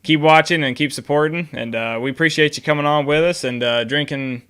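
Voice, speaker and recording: A man's voice: fairly high pitch, steady tone, a little fast, fairly bright tone, clean tone. A man co-hosting a whiskey talk show, chatting casually and telling rambling stories. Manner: rambling, self-interrupting storyteller. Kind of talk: casual chat.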